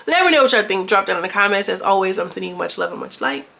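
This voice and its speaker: A woman's voice: mid-range voice, expressive, rapid-fire, vocal fry. A woman chatting loosely through a reality TV recap in a mid-range voice, calling out to her viewers with slang. Her delivery is casual and conversational, like someone telling friends what happened on the latest episode. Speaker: reality TV reviewer.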